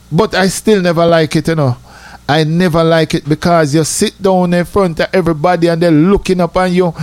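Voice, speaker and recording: A man's voice: sits high, dry recording. Chatty Jamaican man on dry radio. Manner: lively, chatty, full of asides like "I tell you, man". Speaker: radio host. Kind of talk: casual storytelling on radio.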